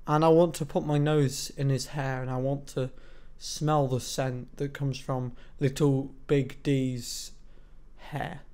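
A young man hosting a casual reaction video, sarcastic and prone to loud exclamations and mocking put-on voices. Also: medium pitch, little pitch movement, slow pace, clear, resonant tone. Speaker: YouTube host reacting to music videos.

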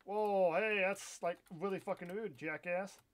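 A man's voice: sits high, a little slow. A young man streaming a live game with viewers, chatting, swearing and bursting into frustrated outbursts. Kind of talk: live gameplay stream commentary.

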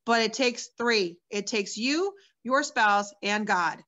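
A woman telling her own life story as an interview guest, candid and earnest. She talks at a middle pitch and loosely, with plenty of fillers and restarts. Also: animated, takes it slowly, bright, forceful tone, muffled recording. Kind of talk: sharing a personal testimony.

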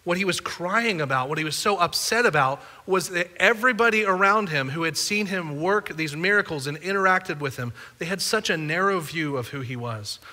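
A man's voice: high voice, expressive, moderate pace, few pauses, pushed and bright, in a large hall. A man preaching a sermon as a pastor, conversational and playful with the congregation. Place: church auditorium.

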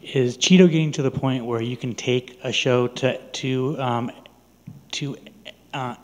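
A hesitant male reporter gropes for words as he builds his questions. His voice sits at a middle pitch and rings with a long reverb in a large hall. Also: fairly even intonation, measured pace. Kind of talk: press conference questions. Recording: long reverb in a big room.

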